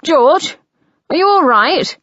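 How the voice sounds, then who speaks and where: A protective brother calls out insistently, as a woman narrator puts him on. His voice is pitched above her usual tone and rings loud. The storybook recording is dry and slightly muffled. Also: animated, slow, no echo, exaggerated voice. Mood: worried. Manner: calling out, insistent. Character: worried protective brother, calling through a door.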